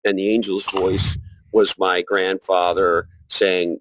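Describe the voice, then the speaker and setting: A man's voice: low voice, little pitch movement, takes it slowly, a bit bright, rough recording. A middle-aged man talking as a podcast guest in a reflective, casual way, often restarting his sentences. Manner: reflective, many restarts and fillers. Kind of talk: casual interview conversation.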